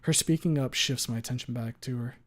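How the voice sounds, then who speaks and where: A man's voice: medium pitch, fairly quick. Man casually reading a story on stream. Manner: reads steadily, owns up to slips with playful asides.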